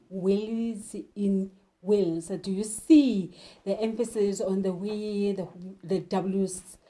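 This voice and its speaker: A woman teacher explaining poetry and literature terms, slowly asking questions and answering them herself. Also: mid-range voice, warm tone. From South Africa. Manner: slow, deliberate, poses questions then answers them. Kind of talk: literature lesson.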